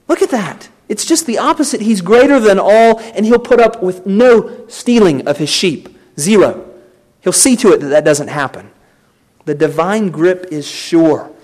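A man preaching a sermon, emphatic and exhorting his listeners directly. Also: high voice. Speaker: pastor.

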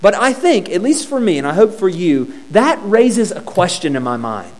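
A man's voice: high-pitched, big pitch swings, moderate pace, darkish tone. A man preaching a sermon in a conversational teaching tone with a touch of humor, often repeating words as he restarts a phrase.

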